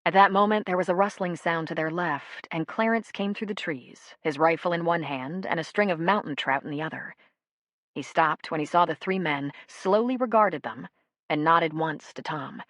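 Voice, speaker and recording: A woman narrating an audiobook with steady, even storytelling. Her voice sits low. The recording is close and dry, with no room sound. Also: normal speed, dry recording.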